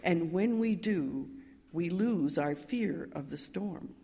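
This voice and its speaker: An older woman minister telling a story in a sermon, calm and measured, rising to emphatic cries. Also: fairly low pitch. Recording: reverberant hall.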